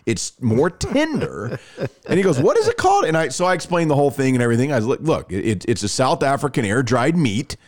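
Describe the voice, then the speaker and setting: A man hosting a sports radio show, talking football and reading ads in a lively storytelling way. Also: mid-range voice, fairly quick. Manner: animated storyteller, lively ad delivery. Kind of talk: sports talk and live ad reads.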